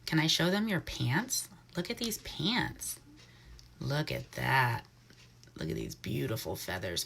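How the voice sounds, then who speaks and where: A woman talks casually about wildlife on a live stream, dropping into soft coos for the bird on her glove. Her voice sits low. A faint hiss runs under the recording. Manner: chatty, soft cooing asides to the owl. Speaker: wildlife educator. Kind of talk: live-streamed educational talk. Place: wildlife center room.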